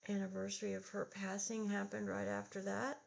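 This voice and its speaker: A woman in her sixties chatting slowly and haltingly while she does her makeup, sounding upset and discouraged. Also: mid-range voice, flat delivery, gravelly. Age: 60s. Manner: slow, subdued and halting, with sighs. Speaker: beauty vlogger. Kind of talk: casual get-ready-with-me chat.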